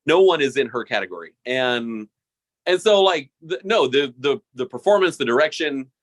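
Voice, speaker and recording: A man co-hosting a podcast in casual chat, animated and laughing often, repeating words as he starts sentences. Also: medium pitch, normal speed. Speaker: podcast co-host.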